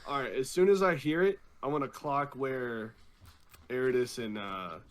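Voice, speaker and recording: A man's voice: mid-range voice, moderate pace. A man playing a tabletop game, chatting casually and rambling through his explanations. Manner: rambling, self-correcting explanations. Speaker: player.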